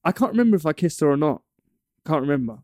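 A man's voice: fairly high pitch, very animated, fast, darkish tone, no echo, studio quality. A young man from England in casual chat, telling a long story with many stumbles and restarts. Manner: rambling, stumbles and restarts often.

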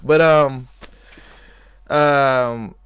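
A man's voice: mid-range voice, steady tone, extremely slow, a bit bright, clean tone, dry recording. A man hosting a podcast in a casual, rambling way, a little tipsy, laughing often and talking to live chatters. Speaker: podcast host. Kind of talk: casual live-stream chat.

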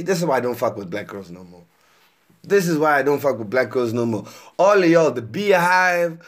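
A man in his twenties hosting a podcast, reacting to interview clips in a profane, exasperated casual rant and repeating himself for emphasis. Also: fairly low pitch. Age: 20s.

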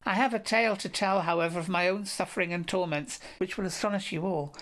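A woman's voice: fairly low pitch, fast, lightly acted. A woman reading a solemn wounded knight. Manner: formal, solemn storytelling. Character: grateful wounded male knight, formal. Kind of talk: audiobook reading of a medieval romance.

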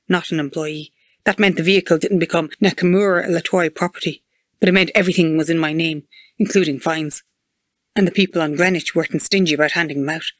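A reader narrating a sci-fi story aloud in an even, measured way. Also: mid-range voice, dry recording. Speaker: manuscript reader.

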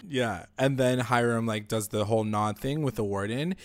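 A young man co-hosting a casual chat, animated and slangy, acting out characters' lines as he recaps. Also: medium pitch, moderate pace, dry recording. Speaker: podcast co-host recapping a TV episode.

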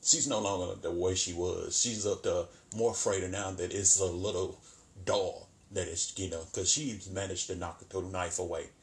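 Animated, laughing man recapping a show. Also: deep voice, moderate pace. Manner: animated, colloquial, laughs often. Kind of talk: casual commentary.

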